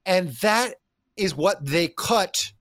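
Animated man recapping a movie. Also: high-pitched, takes it slowly, dry recording, clean studio sound. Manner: animated, rambling, swears freely. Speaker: podcast co-host. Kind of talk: casual movie-recap chat. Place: Los Angeles.

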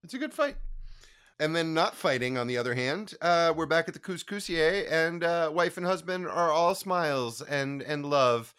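Lively, bright-voiced man recapping a show. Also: fairly high pitch, normal speed, clean tone. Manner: animated, profane, jokey. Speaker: podcast co-host. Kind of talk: casual episode recap chat.

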